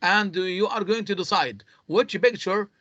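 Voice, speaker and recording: A man's voice: high-pitched, measured pace, sharp tone, no echo. A man teaching English in an online class. He speaks, his tongue is Arabic, and he explains patiently, step by step. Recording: dull lo-fi online call audio.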